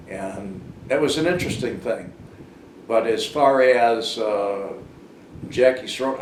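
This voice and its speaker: Older guy rambling through a story, low voice, roomy noisy sound far off the mic. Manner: rambling, many fillers and restarts. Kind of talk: casual storytelling monologue.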